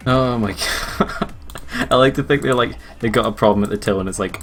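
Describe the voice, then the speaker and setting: A man's voice: mid-range voice, brisk, fairly bright tone, soft background music. A young man streaming a game, joking and laughing often with a friend. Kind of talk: casual gaming stream banter.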